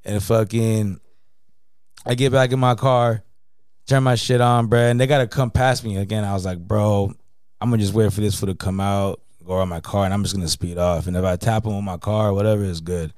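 Fast-talking man telling a slangy story. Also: fairly low pitch, steady tone, a little mellow, clean tone, no room sound, studio quality. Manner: slangy, profane, constant "you know what I mean". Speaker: podcast co-host. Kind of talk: casual storytelling chat.

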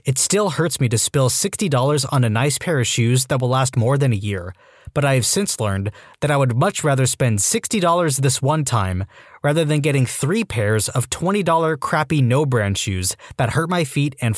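A man narrating a series of online posts in an expressive, read-aloud style. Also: mid-range voice, normal speed, no room sound, studio quality. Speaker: narrator reading Reddit posts.

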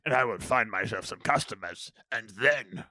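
A man's voice: on the low side, normal speed, sharp tone, no room sound. A man voicing a stubborn, grumbling male tavern keeper in a tabletop game. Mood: defiant.

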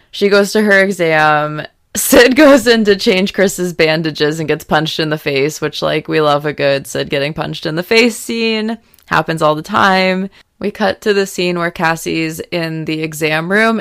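A young woman hosting a podcast, recapping a TV episode in frank, casual chat full of "like" and raising her voice when excited. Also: sits low, clear, resonant tone, no room sound, clean studio sound. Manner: chatty, frank, lots of "like" fillers; gets loud when excited. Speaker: podcast host recapping a TV series.

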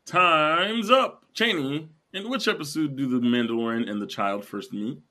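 A man's voice: fairly high pitch, normal speed, pushed and bright. A young man hosting a casual trivia show, reading out questions and teasing his contestant. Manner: jokey, teasing, reads questions aloud. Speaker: quiz show host. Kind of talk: casual podcast quiz hosting.

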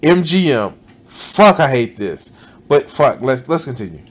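A man's voice: medium pitch, big pitch swings, unhurried, a little hiss or hum. A man reacting to a video with casual commentary. He is exasperated, swears a lot and says "like" constantly. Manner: exasperated, swears often, frequent "like".

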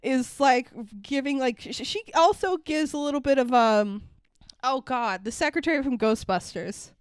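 A woman's voice: high voice, moderate pace, clean tone, dry recording, clean studio sound. A young adult woman co-hosting a podcast, chatting casually and sarcastically about a movie, swearing and acting out lines. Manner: animated, sarcastic, swears freely, acts out quotes. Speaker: podcast co-host. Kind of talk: casual movie review chat.

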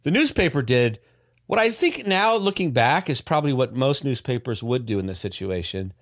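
A man telling a story in a casual podcast, his pitch rising and falling a lot. His voice sits close and dry, with many fillers and restarts. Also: big pitch swings, normal speed, dry recording. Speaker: podcast host. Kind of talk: casual chat.

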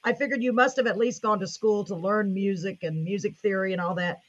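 A woman's voice: medium pitch, steady tone, a little fast, dull audio. A woman hosting a live online show, gushing and enthusiastic as she chats with her guest and reads viewer comments aloud. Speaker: host.

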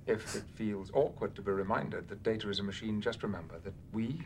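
An actor playing a calm, formal starship captain who speaks in a measured way. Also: male voice, fairly low pitch, breathy edge.

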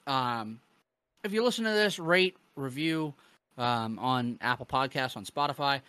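A man's voice: medium pitch, expressive, unhurried, sharp tone, clean tone, no echo. A man hosting a wrestling podcast, chatting loosely with fillers, swearing and bursts of laughter. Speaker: podcast host. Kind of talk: casual podcast chat.

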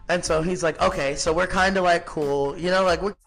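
A man's voice: high voice, steady tone, fairly quick, gravelly, a bit bright, soft background music. A man in his thirties, a podcast guest telling his story in a blunt, profane, casual way, full of filler words. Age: 30s.

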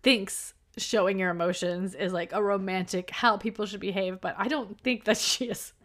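A woman's voice: mid-range voice, fairly even intonation, moderate pace. Chatty woman recapping a book. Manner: chatty recap, laughs often, says "like" a lot. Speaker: podcast co-host. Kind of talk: casual book discussion.

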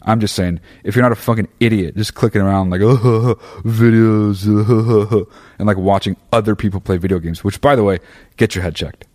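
Speaking in a notably deep, darkish, steady voice at a quick pace, a man talks straight to his audience in a casual, profane monologue. He rambles, uses frequent fillers, restarts his sentences and swears freely while pressing his views.

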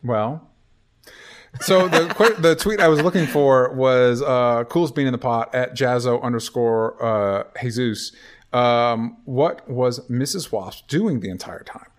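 A man's voice: mid-range voice, unhurried. A man co-hosting a podcast in casual chat, rambling through his points with many restarts. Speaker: podcast co-host.

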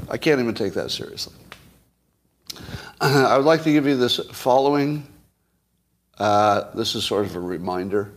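A man hosting a solo commentary monologue, blunt, sarcastic and emphatic. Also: fairly low pitch. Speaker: host.

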